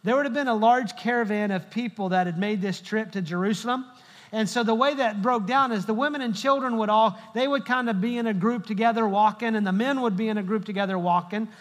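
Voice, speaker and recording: A man's voice: high-pitched, fairly quick. A middle-aged male pastor giving a humorous sermon, telling stories and joking with the congregation. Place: large church hall. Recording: long hall reverb.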